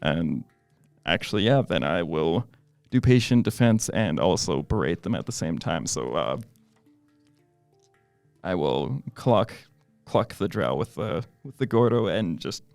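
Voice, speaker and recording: A man's voice: low voice, big pitch swings, measured pace, gravelly, a little mellow, no room sound, faint music behind. A man playing a tabletop game, talking hesitantly with many fillers as he decides his moves. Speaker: player. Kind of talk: casual tabletop game play.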